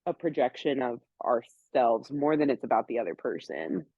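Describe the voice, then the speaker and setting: A woman's voice: a bass voice, very animated, moderate pace, breathy edge, dry recording. A young woman co-hosting a podcast, rambling openly and self-reflectively in casual chat. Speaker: podcast co-host. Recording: thin phone-like line.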